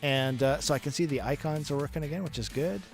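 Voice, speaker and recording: A man's voice: a little high, fast talker, vocal fry. A man who develops games, casually talking through a test play of his own game and thinking aloud as he goes. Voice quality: chatty, thinking aloud with restarts. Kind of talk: casual gameplay commentary. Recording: music playing behind.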